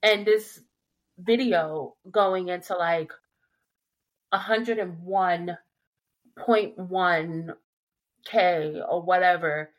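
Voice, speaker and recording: A woman hosting a casual podcast chat, telling stories with lively delivery and acting out quotes in playful voices. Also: fairly low pitch, extremely slow, pauses often. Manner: animated storytelling, acts out quotes in playful voices. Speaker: podcast host.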